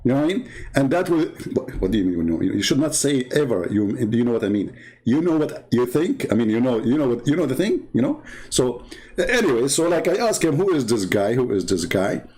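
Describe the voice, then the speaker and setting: A man's voice: medium pitch, very animated, a little fast, warm tone. A male host who is not a native English speaker tells a story in a joking, rambling way, packed with "you know" fillers. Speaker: channel host.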